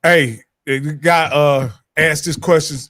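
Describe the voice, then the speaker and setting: A man's voice: a little high, fairly even intonation, slow pace, fairly bright tone, no echo, clean studio sound. A man hosting a casual college football talk stream, laid-back and friendly, calling people "man.". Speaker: show host.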